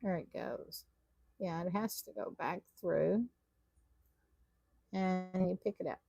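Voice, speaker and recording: Gravelly woman teaching tatting. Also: on the low side, slow pace, mellow, dull audio. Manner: chatty, self-deprecating, talks to viewers while working. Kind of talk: live online craft class.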